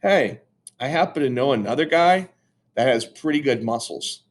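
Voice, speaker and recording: A man's voice: medium pitch, lively intonation, moderate pace, lightly acted. A man reading aloud, voicing a cocky fourth-grade boy who talks in a breezy, teasing way.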